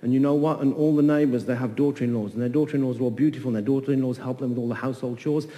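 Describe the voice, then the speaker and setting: A man's voice: mid-range voice, fairly even intonation, rapid-fire, long reverb tail, lo-fi sound, natural voice. A man voicing an eager, nagging merchant's wife who pleads in a raised voice.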